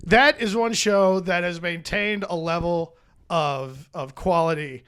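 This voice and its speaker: A man's voice: sits high, unhurried, a bit bright, clear, resonant tone. A man who is a stand-up comedian, talking as a podcast guest in a rambling, profane, self-mocking way. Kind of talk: casual chat. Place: podcast studio.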